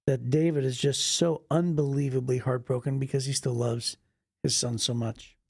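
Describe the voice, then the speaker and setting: A man co-hosting a church talk, discussing a Bible story in a gravelly voice with an emphatic, conversational manner. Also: medium pitch, fairly even intonation, moderate pace, no room sound, studio quality. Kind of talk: casual discussion.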